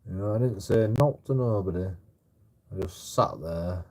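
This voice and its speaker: In this casual anecdote, a streamer rambles through a story, stammering on repeated words and cursing heavily. His voice is low and a little mellow, and he keeps a measured pace.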